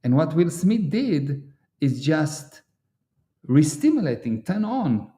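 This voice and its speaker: Animated higher-voiced man. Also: slow. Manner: animated storyteller, acts out quotes. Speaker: host. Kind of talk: casual livestream chat.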